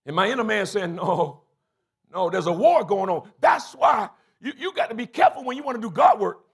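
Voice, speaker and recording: A husky-voiced male bishop preaches in church, breaking into shouts and call-outs to the congregation. His voice sits high and swoops widely up and down as he acts out the voices he quotes. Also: sing-song, brisk. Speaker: bishop and pastor. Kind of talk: sermon. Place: church sanctuary.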